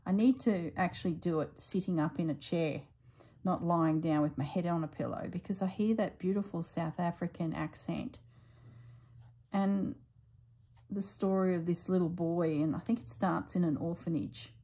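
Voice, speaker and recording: A middle-aged woman chatting casually while she stitches, thinking aloud and drifting into soft asides. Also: lowish voice, moderate pace, husky, low-quality recording. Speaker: slow-stitching vlogger.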